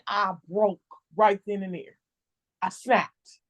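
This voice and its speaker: A woman guest on a podcast, telling a personal story in a candid, expressive, casual way. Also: mid-range voice, takes it slowly.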